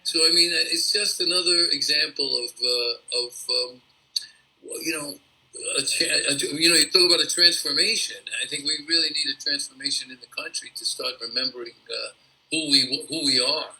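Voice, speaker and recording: A man speaking as a guest in an online interview, halting and searching for words. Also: fairly high pitch, steady tone, sharp tone, poor audio.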